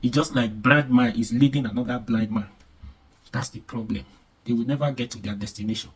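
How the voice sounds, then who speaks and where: Emphatic Nigerian man, husky and distant. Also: mid-range voice, fairly even intonation, a little fast. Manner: emphatic, repetitive, uses pidgin expressions. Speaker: commentator. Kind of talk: casual commentary.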